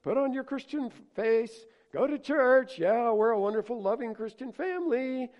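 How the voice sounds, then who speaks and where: A man doing a shrill mocking hypocrite parent. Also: lively intonation, normal speed, darkish tone, muffled recording. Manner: mocking falsetto singsong.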